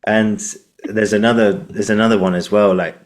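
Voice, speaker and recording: A man's voice: fairly low pitch, steady tone, normal speed. A man with a southern English accent hosting an interview podcast, talking eagerly in long rambling sentences full of fillers. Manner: enthusiastic, rambling, filler-heavy. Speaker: podcast host.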